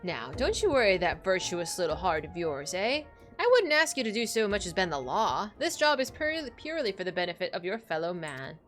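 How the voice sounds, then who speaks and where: A woman's voice: on the low side, very animated, brisk, few pauses, faint music behind. A woman reading as a sly old woman gang boss. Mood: silky menacing. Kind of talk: reading game dialogue aloud.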